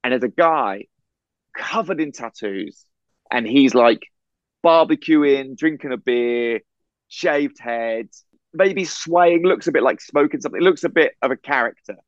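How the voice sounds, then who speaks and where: A man from England, co-hosting a podcast, telling a story in a casual, animated way over a video call. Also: mid-range voice, measured pace, no room sound, muffled recording. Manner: animated storyteller, acts out quoted voices. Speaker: podcast co-host.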